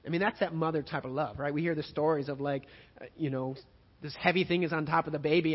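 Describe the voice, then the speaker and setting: A male pastor preaching a sermon, moving between loud emphatic passages and quiet, hushed ones. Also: fairly high pitch, fairly even intonation, fast talker, highs cut off.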